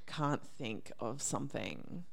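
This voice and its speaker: A woman's voice: rumbling low, animated, slow pace, creaky, slightly rough. A woman chatting casually about musicals, often hesitant and searching for words, laughing along.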